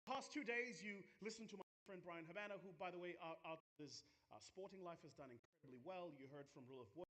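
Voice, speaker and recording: A man's voice: sits high, fast, sharp tone. A South African man in his forties, giving a joking conference keynote talk straight to the crowd from the stage. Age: 40s. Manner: joking, playful, addresses the audience directly. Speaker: keynote speaker.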